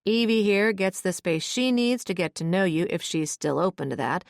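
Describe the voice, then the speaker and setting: A woman voicing a calm, reasonable male executive with a measured, wry way of talking. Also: lowish voice, creaky, no echo, studio quality. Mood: reasoning.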